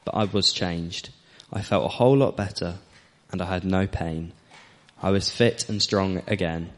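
A man's voice: sits low, unhurried. A man playing a young man raised from the dead, telling his story with wonder in a first-person monologue. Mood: amazed. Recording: long hall reverb.

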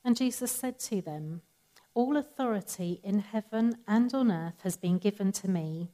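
Woman preaching, warm mellow voice. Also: mid-range voice, normal speed, rough recording. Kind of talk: sermon.

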